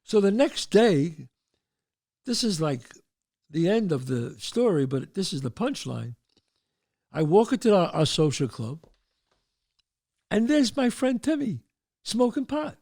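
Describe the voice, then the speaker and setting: A man in his sixties with a New York accent tells a story from his past. His pitch is fairly high for a man and swings up and down as he acts out the people in it, shouting their lines. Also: a little slow, long pauses. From the Bronx, New York. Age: 60s. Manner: animated storyteller, shouts out quoted voices. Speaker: show host. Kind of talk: storytelling monologue.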